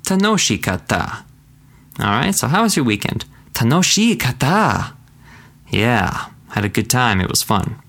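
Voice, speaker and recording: A man gives a casual language lesson in a relaxed, chatty way. His voice sits low and has a gravelly edge. He drawls the practice phrases out slowly and repeats them. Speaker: language teacher.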